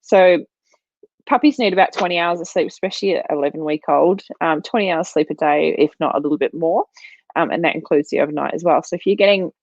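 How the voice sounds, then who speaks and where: A woman's voice: deep voice, fast talker, a little mellow, no echo. A woman dog trainer giving practical advice in a chatty live Q&A from home, with lots of fillers. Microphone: livestream mic. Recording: dull, lo-fi and dry.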